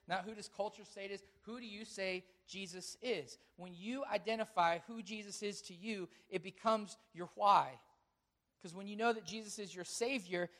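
Delivering his sermon in a notably high voice, this pastor opens with a family story full of lively quoted dialogue, then moves into scripture. He tells it all in an engaging, storytelling way.

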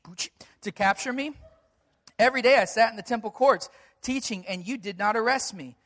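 A pastor delivers a sermon to a gathered congregation. The voice sits at a middle pitch and leans hard on key words, earnest and emphatic as the story unfolds. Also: fairly bright tone.

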